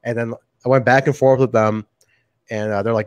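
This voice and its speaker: A man's voice: mid-range voice, fairly even intonation, moderate pace, clear, resonant tone, no room sound. A man chatting casually with his bandmates over a video call, rambling and full of fillers. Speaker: band member. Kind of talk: casual chat.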